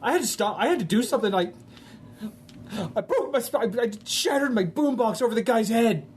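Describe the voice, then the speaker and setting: A woman's voice: a little high, expressive, fairly quick, darkish tone, a little hiss or hum, natural voice. A woman voicing an upset teenage boy who rambles with many fillers. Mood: agitated.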